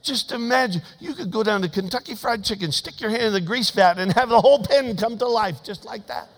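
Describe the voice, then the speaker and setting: A man preaching a sermon as pastor, folksy and humorous, swinging between emphatic loud passages and hushed asides. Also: sits high, a little fast, in a large hall.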